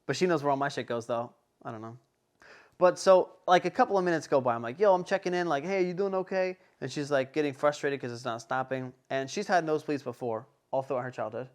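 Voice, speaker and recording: Young guy host, kinda high voice, swears a lot, rambly storytelling. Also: fast talker. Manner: animated, profane, rambling with fillers. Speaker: podcast host. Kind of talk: casual storytelling chat.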